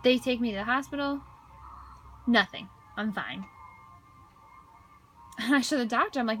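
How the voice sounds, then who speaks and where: A woman voicing a deaf man's signed story aloud in first person, halting, with frequent restarts and repeated words. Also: on the high side, a bit bright, faint music behind. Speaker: voice-over interpreter for a deaf man.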